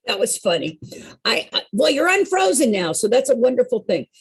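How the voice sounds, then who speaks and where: A woman with a slightly high, husky voice leads a group activity over a video call. She talks in a playful, chatty way and keeps cheering the group on. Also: sing-song, normal speed. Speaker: activity leader.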